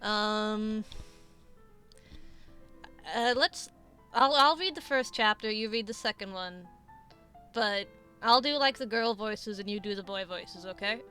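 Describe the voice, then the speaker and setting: A woman's voice: mid-range voice, takes it slowly, pauses often, bright, forceful tone, smooth, faint music behind. A young adult woman hosting a stream, chatting casually, rambling with lots of restarts, swearing and laughing often. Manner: rambling, self-interrupting, swears and laughs a lot. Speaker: streamer host. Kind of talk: casual chat.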